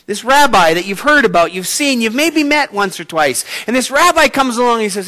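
A man preaching a sermon, retelling a story with sudden swings from quiet to loud. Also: very high voice, animated, fairly quick. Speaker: pastor.

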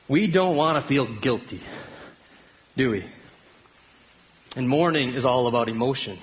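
A middle-aged Canadian man preaching a sermon, talking with his congregation more than at them and often stopping to ask them questions. His voice sits a little high for a man. The recording sounds dull and lo-fi. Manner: conversational, asks the congregation questions. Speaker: pastor.

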